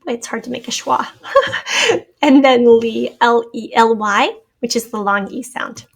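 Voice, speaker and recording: A woman's voice: a little high, slow, vocal fry, husky. A woman teacher giving a spelling test, then going through the answer key, patiently spelling words out letter by letter.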